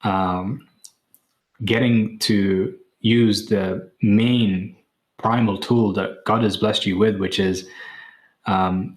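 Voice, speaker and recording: A man with a very low voice hosts his own show. He talks in an earnest, reflective way about spirit and business. He slows down often and fills the gaps with ums. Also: steady tone. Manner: earnest, measured, pauses often with fillers. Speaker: podcast host.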